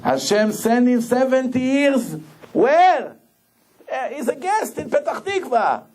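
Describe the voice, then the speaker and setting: High-voiced rabbi telling a story. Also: male voice, takes it slowly, a little hiss or hum. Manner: animated storyteller, repeats phrases for emphasis. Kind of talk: sermon with storytelling.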